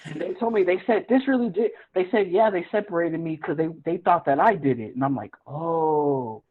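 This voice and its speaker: A man's voice: a little high, fast talker, slightly rough. A man, a podcast guest, earnestly telling a personal story and acting out his own past reactions in a raised voice. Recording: tinny phone-line audio with faint music.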